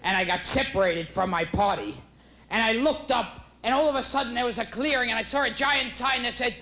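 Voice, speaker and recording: A man doing stand-up comedy in a shrill, shouting, abrasive delivery. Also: brisk, a little hiss or hum. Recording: live club recording, echoey with crowd laughter. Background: audience laughter.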